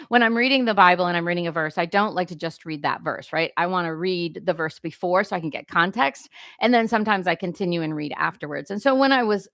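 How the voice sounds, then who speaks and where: An older woman, a Christian leadership teacher, gives an informal devotional teaching in a lowish, slightly bright voice, correcting herself and often asking "right?" to check in with listeners. She briefly chokes up. The audio is studio quality with no room sound.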